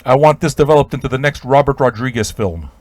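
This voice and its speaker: A man hosting a radio show, telling an improvised absurd comic story in a rambling, stammering way with sudden shouted outbursts. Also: mid-range voice, animated, fast talker, no echo.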